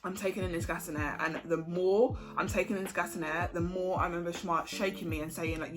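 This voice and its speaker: A woman's voice: fairly low pitch, fairly even intonation, brisk, hardly any pauses. A young woman telling her story in a frank, chatty way, swearing casually. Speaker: vlogger. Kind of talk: candid storytime chat. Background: background music.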